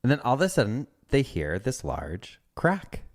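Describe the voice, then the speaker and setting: A man's voice: mid-range voice, wildly swooping pitch, normal speed, gravelly. A man co-hosting a podcast, telling a history story in a campy, profane, chatty way. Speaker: podcast co-host. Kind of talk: casual chat.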